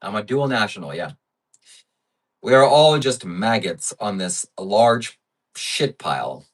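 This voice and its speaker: A man's voice: lowish voice, animated, slow. Sarcastic male livestream host. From Ukraine. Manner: sarcastic, swings from mock outrage to soft preaching. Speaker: livestream host reading chat. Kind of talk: casual livestream chat.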